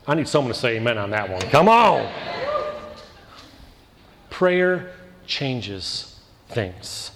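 A man preaching a sermon as pastor, telling a personal story with animated quoted voices and building into emphatic repeated lines. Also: medium pitch, slow, long pauses, big-room sound.

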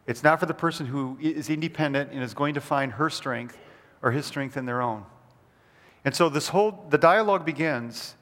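A man preaching a sermon as pastor, earnest, repeating phrases for emphasis and often dropping to quiet, soft lines. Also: mid-range voice, long reverb tail.

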